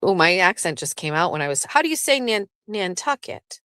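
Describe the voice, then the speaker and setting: The voice is lowish, fast, clear, and resonant, with no room sound. She's a southeastern Massachusetts show host who chats casually and ramblingly, swearing freely and breaking into lively laughter.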